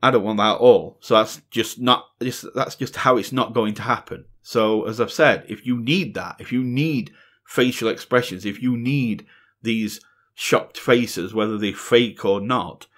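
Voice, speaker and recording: A man's voice: medium pitch, a little slow, fairly bright tone. A middle-aged man, talking earnestly in a casual solo Q&A and repeating phrases for emphasis. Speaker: music reaction channel host.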